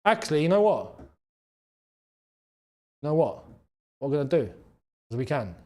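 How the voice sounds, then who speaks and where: A man hosting a live football watchalong, excitable and quick to shout and laugh. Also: on the high side. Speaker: football channel host.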